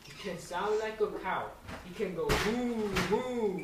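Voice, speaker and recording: A high school student reading a picture book aloud to young children, slow and careful, with sound effects. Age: teens. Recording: echoey, distant, noisy.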